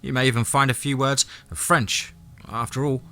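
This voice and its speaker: A man voicing a teasing young woman from the South in an audiobook, raising his pitch for her. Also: fairly even intonation, moderate pace, bright, forceful tone.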